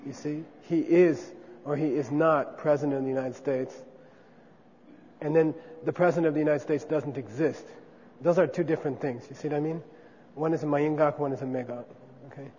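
Male teacher, fairly high voice, casual lecture, echoey hall with faint noise. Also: fairly even intonation, a little fast, a little mellow. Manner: conversational, checks in with frequent 'okay?'. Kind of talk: classroom lecture on Buddhist philosophy. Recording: dull lo-fi sound with long reverb.

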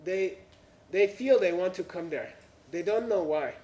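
Guy telling a story in non-native english, kinda high voice, echoey room, mic a ways off. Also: expressive, measured pace, a little mellow. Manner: chuckles through punchlines, with frequent "you know" and "uh". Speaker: speaker telling a story to an audience. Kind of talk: anecdotal storytelling talk. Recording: roomy, from a distance.

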